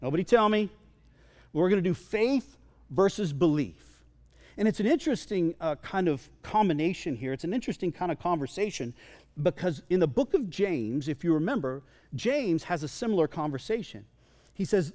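A man's voice: high voice, moderate pace. A man preaching a sermon to a congregation, conversational and joking with the crowd. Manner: lively, conversational, jokes with the congregation. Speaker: pastor. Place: church sanctuary. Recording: long reverb of a large hall.

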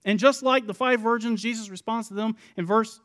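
A man with a high voice delivers a sermon. He acts out the people in his text with loud pleading, then drops to quiet, low asides. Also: fairly even intonation, a little fast. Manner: dramatic, voicing the people in the parable. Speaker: pastor.

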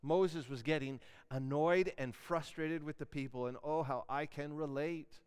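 A man preaching a sermon in an animated way, acting out questions and objections. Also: fairly high pitch, unhurried, clean tone.

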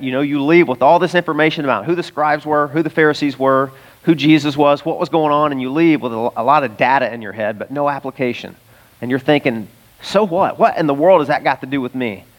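Higher-voiced man preaching an emphatic sermon. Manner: conversational, emphatic, laughs mid-sentence. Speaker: pastor.

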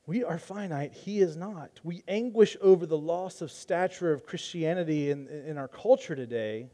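Warm-voiced male pastor preaching. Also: fairly high pitch, normal speed. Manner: earnest, conversational preaching with restarts. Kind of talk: sermon.

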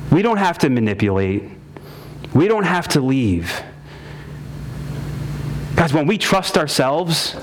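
Male pastor, emphatic sermon delivery, repeats lines for stress, mid-pitched voice. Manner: emphatic preacher, repeats lines for stress, says "man" and "guys".

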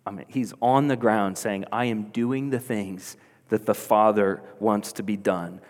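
A man's voice: fairly low pitch, fairly even intonation, measured pace. A man preaching a sermon as pastor, earnest and building to emphatic, insistent peaks. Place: church hall. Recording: long hall reverb.

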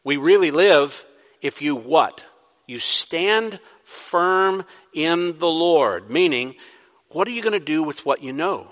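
Bright-voiced man preaching in a reverberant hall. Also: a little high, expressive, slow pace. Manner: preaching with rising emphatic bursts and rhetorical questions. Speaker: pastor. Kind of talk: sermon. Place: church sanctuary.

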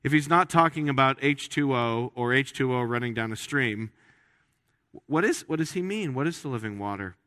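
A man's voice: medium pitch, expressive, normal speed, bright, forceful tone, no echo. A man preaching a sermon in a church, talking in a conversational, joking way and often restarting his phrases. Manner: conversational, with frequent restarts and jokes. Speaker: pastor. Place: church sanctuary.

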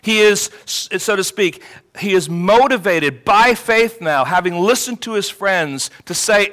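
Bright, high-voiced preaching man. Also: animated, unhurried. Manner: expository preaching, emphatic when quoting scripture. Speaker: pastor. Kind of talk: sermon.

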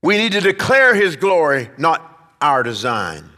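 Bright-voiced preacher in a reverberant hall. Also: male voice, on the high side, sing-song, unhurried. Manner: preaching, rising and emphatic at climaxes. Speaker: pastor. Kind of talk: sermon.

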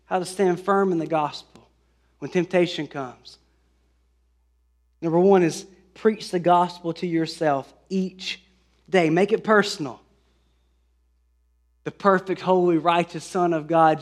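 A man delivers a sermon with a notably high-pitched voice. He speaks earnestly, stumbling over a few words and adding fillers, then lifts his voice to press home the scripture he quotes. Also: measured pace, pauses often. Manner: earnest, with fillers and restarts, rising emphasis on scripture. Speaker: pastor.

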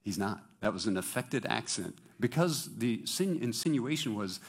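A man preaching a sermon to his congregation, lively and joking with them, singing bits and asking the crowd questions. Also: lowish voice, normal speed, slightly rough. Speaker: pastor.

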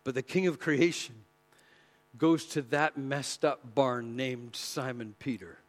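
A man preaching a sermon with passion, swinging between loud emphasis and near-whispered lines. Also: mid-range voice, fairly even intonation, takes it slowly.

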